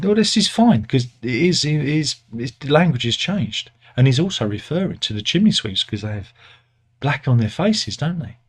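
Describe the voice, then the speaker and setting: A British man giving a casual, sardonic satirical news monologue, rambling and often correcting himself, with many pauses and fillers. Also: mid-range voice.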